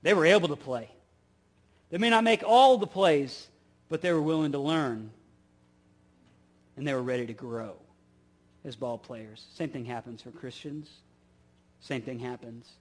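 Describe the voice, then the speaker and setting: A middle-aged male pastor preaching a sermon, repeating key phrases, asking the listeners rhetorical questions, and swinging from loud emphasis to soft asides. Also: medium pitch, a little slow, pauses often.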